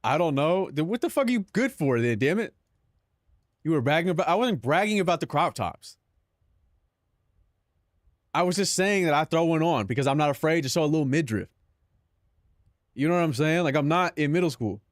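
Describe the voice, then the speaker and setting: A man's voice: on the high side, lively intonation, a little fast, pauses often, no echo, clean studio sound. A young man streaming live, chatting casually, joking and swearing, often laughing at his own bits.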